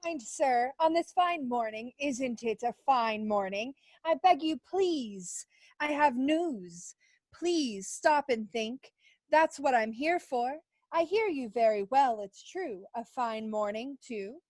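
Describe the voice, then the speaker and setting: Sly flowery snake voiced by a woman, high and slow, super dry sound. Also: lively intonation, a little mellow, no room sound, heavily acted. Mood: courteous. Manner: flowery, insinuating, slow and deliberate. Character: smooth-talking meddling talking snake. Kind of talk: audio theater acting.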